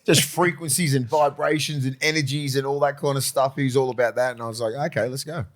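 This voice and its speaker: A man's voice: mid-range voice, quick pace. An Australian man, a former player and podcast co-host, telling stories in a casual chat, acting out quotes and swearing freely. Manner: animated storyteller, swears, acts out quotes.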